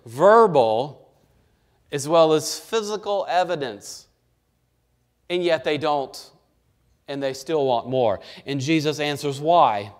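A male pastor with a mid-range voice preaches an emphatic sermon, posing rhetorical questions and shifting between soft and loud passages.

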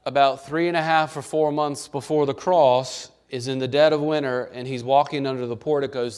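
A male pastor preaching a sermon, emphatic, with rhetorical questions and shifts between soft and loud passages. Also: mid-range voice, smooth.

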